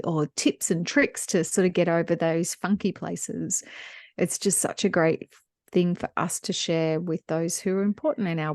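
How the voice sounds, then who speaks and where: A woman co-hosts a business podcast. Her voice sits low and sounds close and dry. She tells personal stories with animation. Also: creaky, dry recording. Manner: warm storyteller, animated when retelling scenes. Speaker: podcast co-host. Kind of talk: casual business podcast chat, storytelling.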